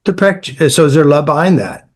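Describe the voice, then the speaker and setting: Direct, higher-pitched male coach. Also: animated, fast. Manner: direct, repetitive, lists ideas in short bursts. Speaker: emotional therapy coach. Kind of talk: explaining with client stories.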